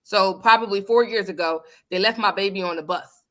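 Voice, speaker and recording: A woman hosting a casual talk show, telling a story in an animated, emphatic and blunt way. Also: medium pitch, brisk. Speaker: host. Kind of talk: casual chat. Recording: live online radio show.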